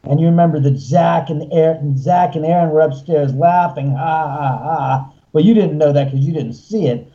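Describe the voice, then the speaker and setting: A man's voice: a little high, a little fast, few pauses, dark tone, highs cut off. A man telling a story with emphatic, heated energy and sometimes cursing, as a guest on a talk show. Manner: emphatic, heated retelling with acted-out quotes and cursing. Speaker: guest, haunted house owner. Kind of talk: animated storytelling on a phone-in show.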